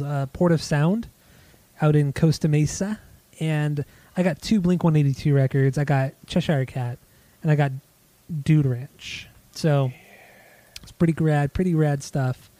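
A man's voice: a little high, mellow, dry recording. Easygoing man talking about vinyl finds. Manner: easygoing, hesitant, swears casually. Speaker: podcast co-host.

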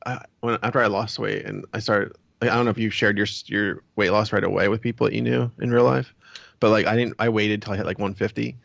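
A man talking as a guest in a casual conversation, relaxed and agreeable, with halting starts. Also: lowish voice, gravelly, no room sound. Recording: dull, dry lo-fi sound.

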